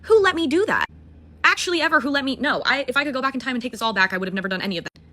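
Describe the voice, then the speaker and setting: A woman's voice: high-pitched, expressive, racing, bright, forceful tone. A woman in her twenties, a musical theater student, telling a date story in a casual, self-mocking way with lots of swearing and acted-out dialogue. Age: 20s.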